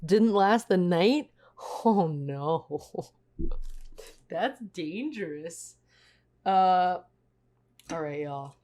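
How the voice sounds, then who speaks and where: A woman's voice: lowish voice, lively intonation, very slow, long pauses, dark tone. A woman streaming live, chatting casually and reading out viewers' messages. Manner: chatty, reads chat aloud.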